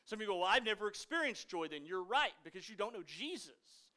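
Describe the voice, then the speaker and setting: A man, a pastor preaching a sermon, swinging from loud emphasis to hushed asides. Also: high voice, big pitch swings, fast.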